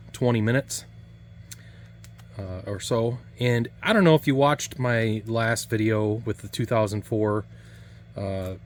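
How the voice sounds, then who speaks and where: A man's voice: medium pitch, a little hiss or hum. A man casually talking through a taste test of old food, rambling and restarting his sentences a lot. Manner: rambling, halting, full of restarts and fillers. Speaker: food reviewer.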